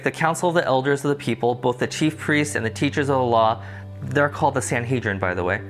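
A man's voice: mid-range voice, fairly bright tone. Guy doing a chill bible study, reads the verses then explains em, mid voice, light music in the back. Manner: conversational, explains context in plain terms. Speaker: Bible teacher. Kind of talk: casual Bible study lesson.

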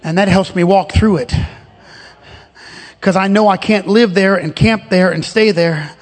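A man with a strikingly high voice preaches a fervent sermon as pastor. He swings between ringing shouts and conversational rhetorical questions to his congregation. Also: measured pace, in a large hall.

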